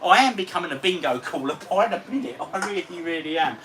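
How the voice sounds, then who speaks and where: A man's voice: high voice, lively intonation, brisk, fairly bright tone. A man, chatting casually on a livestream from his home games room and reading out viewer comments in a matey way. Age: 40s. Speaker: retro gaming vlogger. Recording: distant mic with faint ambient noise.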